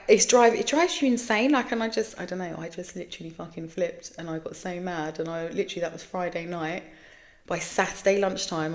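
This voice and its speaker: A woman's voice: on the low side, a little mellow. A British woman in her thirties hosting a podcast, talking candidly in a frank, sweary, rambling monologue. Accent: British English. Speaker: podcast host.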